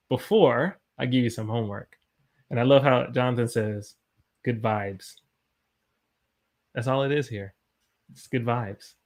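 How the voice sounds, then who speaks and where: A young American man teaching English on a live stream, energetic, his voice jumping high whenever he gets excited. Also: creaky. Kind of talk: live-streamed language lesson.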